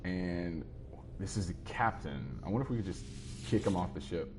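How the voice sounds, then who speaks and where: A man with a deep, low voice chatting his way through a live game stream. He is relaxed and rambling, answering viewers' comments as they come in. A faint hiss sits behind him. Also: normal speed. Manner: easygoing and rambling, answering chat as he plays.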